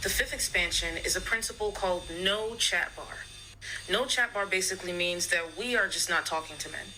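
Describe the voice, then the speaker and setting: Bright-voiced woman, firm and matter-of-fact. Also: on the low side, moderate pace, faint music behind, low-quality recording. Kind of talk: explanatory monologue.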